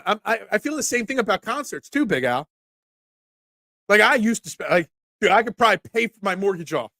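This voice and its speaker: A man's voice: high voice, sharp tone, no room sound, studio quality. A man in his forties hosting a casual sports talk stream, congested and cracking, rambling as he answers chat comments. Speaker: sports talk show host.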